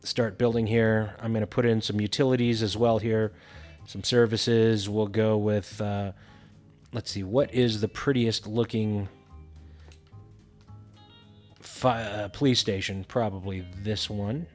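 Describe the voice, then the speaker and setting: Relaxed man narrating a game tutorial. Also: on the low side, unhurried, soft background music. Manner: relaxed, thinking aloud with fillers. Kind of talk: casual gameplay tutorial narration.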